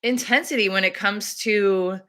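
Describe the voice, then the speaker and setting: Woman doula, chatty interview guest, bright clear tone, laughs through her anecdotes. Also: medium pitch, a little slow. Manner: animated, laughs often, acts out her own quotes. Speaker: doula and activist. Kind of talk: casual interview storytelling.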